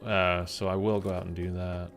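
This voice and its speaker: A man's voice: low voice, flat delivery, moderate pace. A man streaming a game, chatting and rambling to his viewers. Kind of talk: casual gameplay chat. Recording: game noise behind the voice.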